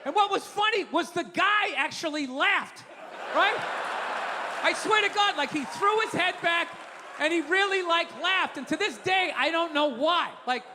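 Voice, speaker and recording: Ranting high-voiced comedian in a big hall. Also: male voice, noisy background. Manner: ranting, profane, shifts between loud outbursts and low asides. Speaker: stand-up comedian. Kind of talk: stand-up comedy routine. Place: live comedy venue. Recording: live venue hall reverb.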